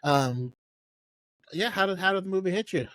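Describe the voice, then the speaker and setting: Male guest, fairly high voice, dry close sound, casual geek chat with frequent laughs. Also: lively intonation, moderate pace, fairly bright tone, no echo. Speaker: podcast guest.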